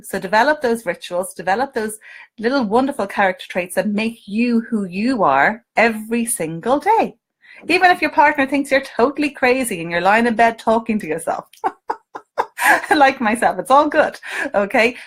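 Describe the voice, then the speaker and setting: Irish woman, coach doing a live stream, fairly high voice, lively and coaxing, keeps asking viewers questions. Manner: animated, coaxing, asks viewers questions, frequent "okay?". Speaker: coach and hypnotist.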